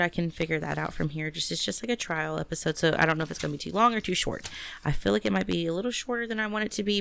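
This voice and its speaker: A woman's voice: fairly low pitch, vocal fry, a bit bright, clear, resonant tone, no room sound. A woman co-hosting a podcast, chatting casually and rambling with many fillers and restarts. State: recovering from a cough. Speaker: podcast co-host. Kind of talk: casual chat.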